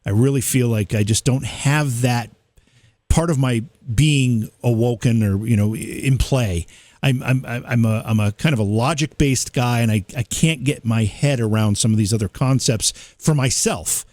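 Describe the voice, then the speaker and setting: A man hosting a podcast asks his guest reflective questions in a relaxed way. His voice sits at a middle pitch. The sound is dry and close, with no room echo. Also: moderate pace. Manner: reactive, asks thoughtful questions. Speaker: podcast host. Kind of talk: casual interview.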